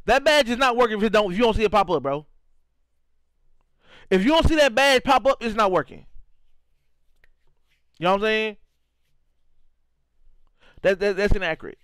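A man's voice: high voice, expressive, normal speed, pauses often, fairly bright tone, clear, resonant tone, no room sound, low-quality recording. A young man from St. Louis, Missouri, chatting loosely on a live game stream and reacting to chat as he goes. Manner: loose and repetitive, reacting to chat, frequent "you know what I'm saying". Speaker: gaming streamer. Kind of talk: casual live-stream commentary.

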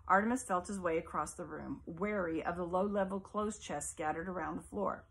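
A woman reading a novel aloud as audiobook narration in a measured, expressive way. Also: lowish voice. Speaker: audiobook reader.

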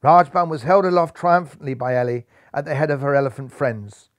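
A man narrating a children's storybook with dramatic, animated delivery. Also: on the high side, a little fast, few pauses, no echo, studio quality.

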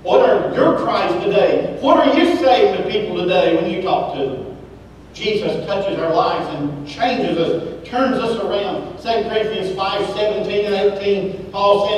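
A high-voiced man preaches a sermon from well back in a big church sanctuary, his words ringing around a very echoey hall. He swings between loud, emphatic exclamations and hushed, low lines. A faint hiss sits under the recording. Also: unhurried, distant mic. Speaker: pastor.

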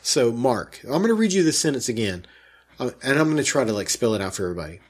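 A man co-hosting a casual chat podcast, telling a story with animated indignation. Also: mid-range voice, quick pace. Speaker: podcast co-host.

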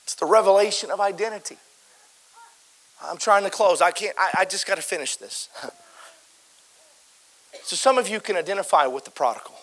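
A man preaching a fervent sermon in a church, full of repetitions and stammered restarts, swinging between loud exhortation and softer pleading. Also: high voice, normal speed, pauses often. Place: church sanctuary.

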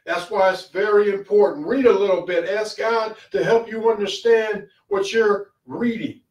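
A male pastor with a high-sitting voice preaches a short, fervent sermon at a moderate pace and steady tone, repeating key phrases with rising emphasis. The room is echoey and he sounds far from the mic.

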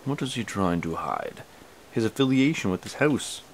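A man with a lowish voice rambles through a game, swearing and muttering to himself as he plays. The recording carries clear background noise. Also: animated, normal speed. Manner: rambling, swears, talks to himself while playing. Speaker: gameplay commentator. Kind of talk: casual let's-play commentary.

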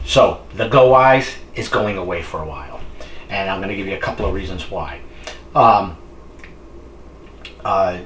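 Male home reviewer, lower register, loose chatty delivery while eating; roomy room sound with faint background noise. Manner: rambling, talks while eating. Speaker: product reviewer. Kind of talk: casual chat.

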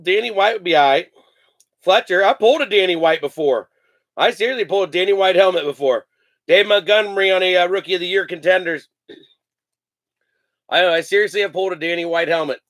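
A man's voice: high voice, brisk, long pauses, a bit bright, dry recording. A man hosting a live sports card break, joking, laughing and rattling off player names as he opens packs. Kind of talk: casual live card-opening chat.

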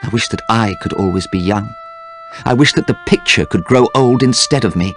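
A man's voice: on the low side, normal speed, soft background music, voice pushed up, lightly acted. A man voicing a vain young man who fears growing old, reading him with an emotional, pleading delivery. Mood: wistful.

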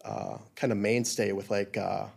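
A man's voice: fairly low pitch, little pitch movement, measured pace, vocal fry, husky. A man who co-owns a photo studio, talking casually in an interview with many fillers and restarts. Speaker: business co-owner.

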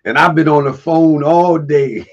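A man hosting a casual livestream, husky and getting over a cold, talking to viewers, laughing often and answering chat comments. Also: fairly high pitch, measured pace, highs cut off. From Baltimore area. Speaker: livestream host.

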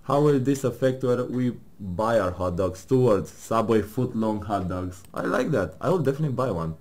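A man plays a game with his partner, casually joking, laughing, and swearing while reading questions and answers aloud in a mock-serious tone. His lowish voice is expressive and a little mellow, at a moderate pace.

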